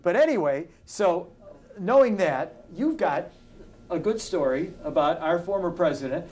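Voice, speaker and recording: A man's voice: high-pitched, expressive, a little slow, darkish tone. A man in his sixties hosting a talk show, chatty and upbeat as he steers the conversation. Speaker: radio talk show host. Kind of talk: casual talk show chat.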